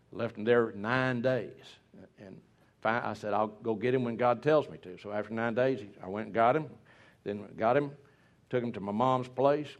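A middle-aged man delivers a sermon. His voice sits at an ordinary pitch for a man. He preaches with emphasis, repeating words to drive each point home. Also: muffled recording.

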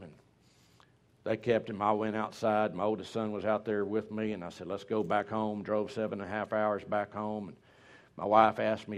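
A man's voice: on the low side, steady tone, fairly quick. A middle-aged man preaching a sermon, emphatic and repeating words for weight.

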